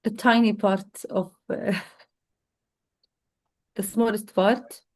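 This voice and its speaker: Slow, mellow-voiced woman student. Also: medium pitch, fairly even intonation. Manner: hesitant answers with soft laughs and many short mm's. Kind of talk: class discussion.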